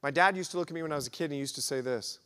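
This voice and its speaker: A man's voice: on the high side, racing, a bit bright, clear, resonant tone. A man preaching a sermon as pastor, emphatic and repetitive, swelling and dropping in intensity. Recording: echoey hall recording.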